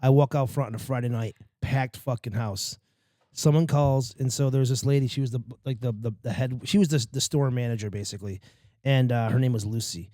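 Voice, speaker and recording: A man's voice: mid-range voice, steady tone, a little fast, no room sound. Profane storytelling man, dry mic. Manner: profane, rambling, acts out quotes loudly. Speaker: podcast host. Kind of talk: casual storytelling chat.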